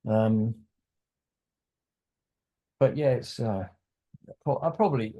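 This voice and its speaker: A man's voice: medium pitch, slow pace, long pauses, dark tone. A man as a podcast guest, casually telling a rambling story and acting out quoted dialogue.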